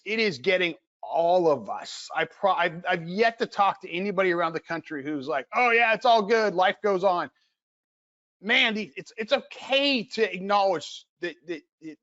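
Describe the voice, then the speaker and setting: A middle-aged man giving an informal talk from home as an exercise researcher, earnest and animated, often repeating and restarting his words. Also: high-pitched, muffled recording. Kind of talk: informal lecture over video call. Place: home, with noise from upstairs.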